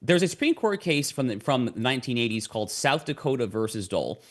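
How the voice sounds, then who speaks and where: A man's voice: medium pitch, big pitch swings, quick pace. A man as a podcast guest, explaining at length in a lecturing way and repeating words as he starts his sentences. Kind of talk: explanatory conversation.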